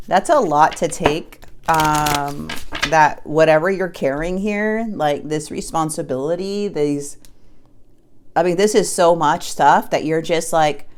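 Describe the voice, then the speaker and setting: A woman's voice: sits low, steady tone, takes it slowly. A woman giving a casual spoken tarot reading, speaking bluntly and with emphasis straight to the viewer. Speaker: tarot card reader.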